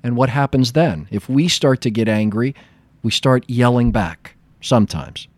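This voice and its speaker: A man's voice: medium pitch, a little slow, dry recording. A man who works as a therapist explaining a point through a personal story, acting out bits of dialogue. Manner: animated storytelling, acts out dialogue. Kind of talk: explanatory talk with personal anecdote.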